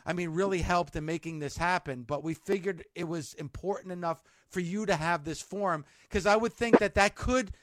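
A man's voice: high voice, moderate pace, few pauses, fairly bright tone, no echo. A man hosting a talk show interview, asking earnest, leading questions. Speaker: radio show host.

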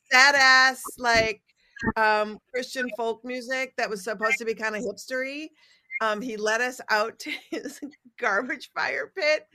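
With a slightly high voice and a bright, forceful tone, this middle-aged woman hosts a comedic talk show. She spins wry, irreverent, profane stories in casual, joking conversation.

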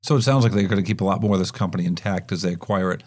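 A man hosting a business news podcast, talking through market stories in a conversational way with quick asides and frequent restarts. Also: sits low, darkish tone. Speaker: podcast host.

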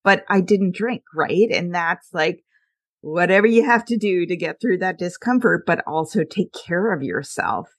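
A woman's voice: lowish voice, animated, normal speed. A middle-aged woman hosting a podcast, speaking candidly, telling personal stories and laughing often. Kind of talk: casual conversational interview.

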